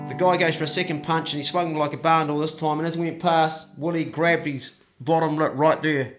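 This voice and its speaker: A man's voice: a little high, fairly even intonation, brisk, few pauses. A man telling a story in a rambling, colloquial way. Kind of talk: casual spoken storytelling. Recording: loud guitar music behind.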